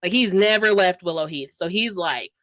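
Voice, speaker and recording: A young woman book reviewer gushes about a book she loved in a casual vlog, rambling with lots of fillers and dramatic asides. Her voice is a little low for a woman, animated and a bit bright, at a normal speed. The recording is close and dry, with no room sound.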